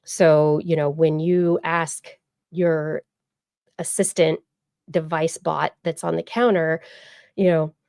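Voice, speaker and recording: A woman's voice: low voice, little pitch movement, takes it slowly, gravelly, a little mellow, clean tone, no room sound, studio quality. A woman hosting a science podcast, explaining at length in casual chat with plenty of fillers. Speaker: podcast host.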